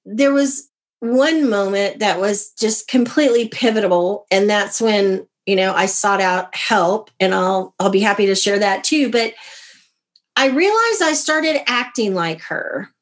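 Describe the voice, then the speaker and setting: An American woman, an author appearing as a guest in an interview, tells a personal story in a medium-pitched voice at a measured pace. She's animated and acts out the quoted dialogue.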